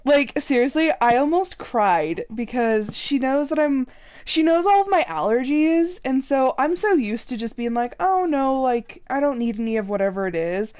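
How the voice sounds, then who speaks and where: Chatty young woman streamer, high-pitched, casual, often laughing. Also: lively intonation, moderate pace, darkish tone. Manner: chatty, laughs often, quotes others in raised voice. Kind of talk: casual chat while gaming.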